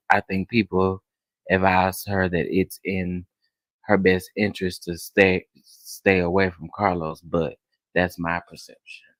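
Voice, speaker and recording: A man, hosting a casual commentary chat, animated and dramatic as he talks to his viewers. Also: on the low side, no room sound, poor audio. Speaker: commentary channel host.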